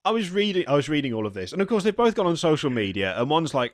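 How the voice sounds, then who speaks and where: A man's voice: a little high, sing-song, fast, hardly any pauses, no echo, studio quality. A man, co-hosting a casual podcast and telling a story with lots of ums and restarts. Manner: rambling, self-interrupting storyteller with frequent ums. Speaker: podcast co-host. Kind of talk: casual chat.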